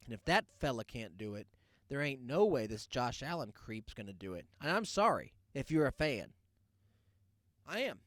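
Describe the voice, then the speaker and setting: A man hosting his own show, ranting loudly and sarcastically, with laughs in between. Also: medium pitch, big pitch swings, moderate pace, dry recording, clean studio sound. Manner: loud, sarcastic rants with laughs. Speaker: podcast host. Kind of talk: casual solo rant.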